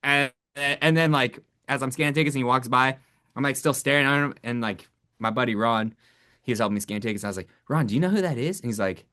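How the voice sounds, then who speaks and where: A man's voice: mid-range voice, steady tone, quick pace, bright, forceful tone. A man co-hosting a sports podcast, talking in a laid-back, casual way with frequent swearing and laughter. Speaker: podcast co-host.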